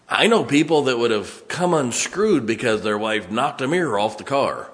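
A man preaching a sermon in a church, emphatic, swinging from loud to hushed. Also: medium pitch, lively intonation, normal speed, hardly any pauses.

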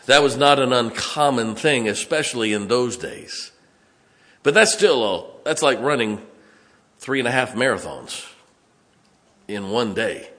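Preacher booming in a reverberant hall. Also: male voice, animated, unhurried. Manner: swings from quiet, low asides to loud, emphatic exhortation. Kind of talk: sermon. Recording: long reverb of a large hall.

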